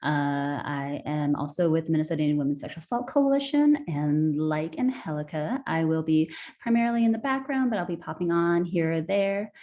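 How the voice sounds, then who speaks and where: Staff woman, low and mellow, polite panel greeting. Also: expressive, moderate pace, dull audio. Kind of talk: casual introduction on a video call. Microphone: video call.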